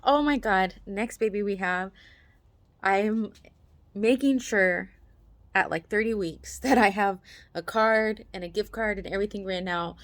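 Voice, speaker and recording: A woman's voice: mid-range voice, unhurried. Chatty woman telling a personal story. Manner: chatty, heavy use of "like" fillers, acts out quoted voices. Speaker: mother telling a birth story. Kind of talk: casual storytelling to camera.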